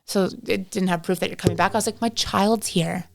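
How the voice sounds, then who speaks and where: A young Canadian woman guesting on a podcast speaks rapid-fire in a low-ish, creaky, darkish voice with a level tone. In casual chat she tells a long story, performing both sides and saying "like" constantly.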